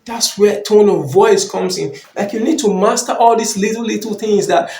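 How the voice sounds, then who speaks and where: A man's voice: high-pitched, normal speed, a little mellow, echoey room. A man giving a motivational dating and confidence talk, repeating his points emphatically and calling the listener brother.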